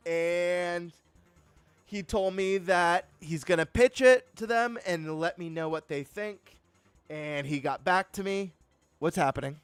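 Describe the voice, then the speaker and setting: Excitable guy streaming live, high voice, dry close sound, faint music behind. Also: unhurried, pauses often, clear, resonant tone, no room sound. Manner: excitable, hyped, greeting viewers. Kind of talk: casual live-stream chat.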